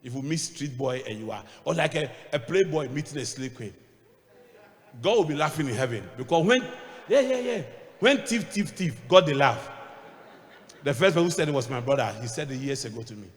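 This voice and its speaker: A man with a Ghanaian accent preaching a sermon as a bishop, switching between English and Twi and swinging between shouting and quiet asides. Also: on the high side, animated, a little fast. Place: church hall. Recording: long reverb of a church hall.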